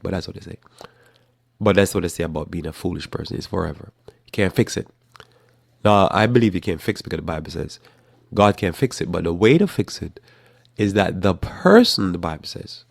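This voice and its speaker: Animated male Bible teacher, deep and creaky, breaks into loud acted-out outbursts. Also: no echo, studio quality. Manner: animated, acts out scenarios with sudden loud bursts. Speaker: Bible teacher hosting a live talk program.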